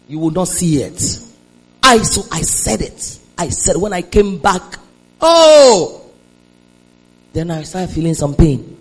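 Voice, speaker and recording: A Nigerian woman preacher delivers her sermon with a very animated, wide-ranging voice. She sinks into quiet storytelling and then surges into shouted declarations. She urges the congregation to answer back. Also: fairly low pitch, slow, long pauses, breathy edge, low-quality recording. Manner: calls the congregation to respond. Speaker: preacher giving a testimony.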